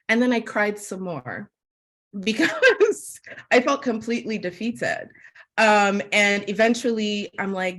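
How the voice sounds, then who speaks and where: Lively American-accented woman telling stories. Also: medium pitch, slow pace. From Sierra Leone. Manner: animated storyteller, many "like" fillers. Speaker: webinar guest, media host. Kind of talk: storytelling in a webinar panel.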